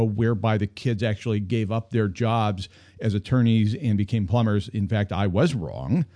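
A man's voice: mid-range voice, mellow, no room sound, studio quality. A man hosting a call-in radio show, joking and teasing himself as he chats. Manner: playful, self-mocking banter.

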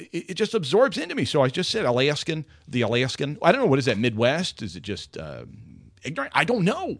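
Male radio host, casual rambling chat, very animated pitch, dry studio mic. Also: dry recording. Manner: animated, rambling, self-mocking.

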